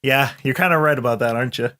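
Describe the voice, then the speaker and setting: A man's voice: mid-range voice, quick pace, bright, forceful tone. A man playing in a tabletop game, describing his character's actions while thinking aloud with many restarts. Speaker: player. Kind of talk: tabletop role-play chat.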